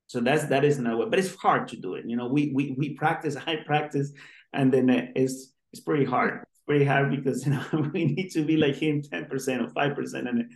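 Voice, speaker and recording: A man's voice: medium pitch, brisk, gravelly. A male doctor being interviewed, who talks in an earnest, rambling way with many restarts. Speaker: guest doctor. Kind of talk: interview conversation. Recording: roomy echo.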